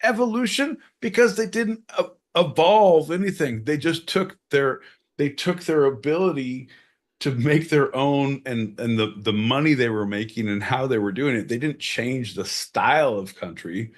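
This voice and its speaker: A man's voice: medium pitch, moderate pace. A man co-hosting a podcast in casual comedic chat. He rambles, swears freely and spins absurd tangents for laughs. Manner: rambling, profane, jokey riffing. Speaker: podcast co-host.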